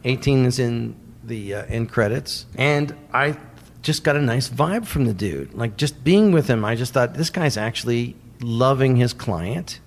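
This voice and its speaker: A man as an interview guest, telling animated stories and acting out the quotes. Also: mid-range voice, moderate pace. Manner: animated storyteller, acts out quotes. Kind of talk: interview storytelling.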